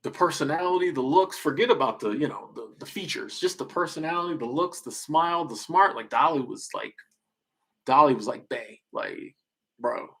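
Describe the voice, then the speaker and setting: Husky man joking with viewers. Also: a little high, expressive, normal speed, fairly bright tone. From Southern United States. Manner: joking, rambling, trails off and restarts. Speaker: streamer. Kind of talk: casual livestream chat reacting to viewer comments.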